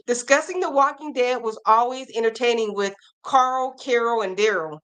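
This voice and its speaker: A woman's voice: fairly high pitch, lively intonation, normal speed, few pauses, a bit bright. Chatty woman hosting a crochet stream. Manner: chatty, reads viewer comments aloud and reacts. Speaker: crochet live-stream host. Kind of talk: casual live-stream chat.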